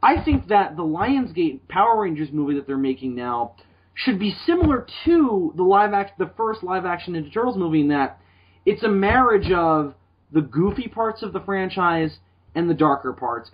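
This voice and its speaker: A man co-hosting a podcast in casual chat, rambling and animated, restarting his sentences often. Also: a little high, moderate pace, slightly rough. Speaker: podcast co-host. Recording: dull lo-fi sound.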